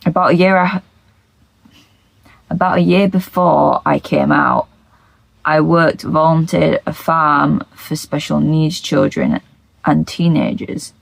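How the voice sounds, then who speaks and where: Slow, gravelly-voiced woman reading confessions. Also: low voice, no echo, rough recording. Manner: blunt, swears freely. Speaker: reddit story reader. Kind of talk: reading posts aloud with reactions.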